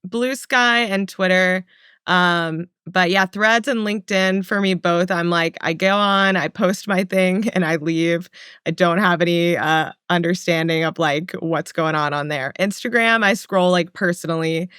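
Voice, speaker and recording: A relaxed, thoughtful panelist chatting on a podcast at an easy pace. The voice is smooth and clear at a middle pitch, recorded close and dry. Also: a little slow, no room sound. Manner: relaxed, thoughtful, light laughs. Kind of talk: casual chat.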